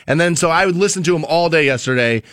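A man with a fairly high voice banters on a morning radio show. He talks in an animated, teasing way, telling stories to his co-host. The studio sound is dry and close. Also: quick pace, no echo.

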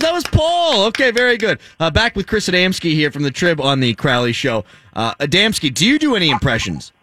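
A man's voice: on the high side, big pitch swings, a little fast, hardly any pauses, bright, forceful tone, slight background noise. A man hosting a sports talk radio show, pushing his guest with teasing banter.

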